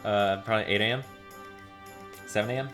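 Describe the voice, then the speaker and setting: A man's voice: on the low side, steady tone, a little fast, music in the background. A young man streaming a game, chatting casually, swearing and laughing at himself.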